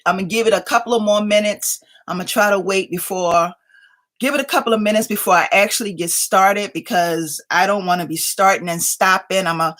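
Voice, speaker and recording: Woman chatting on a craft livestream from home, greeting folks by name, bit sleepy, medium pitch. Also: fairly bright tone. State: a little sleepy. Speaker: craft channel host. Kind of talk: casual livestream chat.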